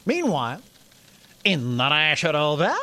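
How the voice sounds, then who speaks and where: A man hosting sports talk radio, giving quick news with wry asides. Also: a little high, wildly swooping pitch, sharp tone.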